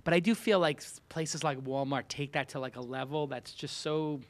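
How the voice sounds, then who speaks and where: Host type, Brooklyn man, slightly high voice, opinionated and jokey. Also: normal speed. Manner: animated, opinionated, joking rants. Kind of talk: casual roundtable chat.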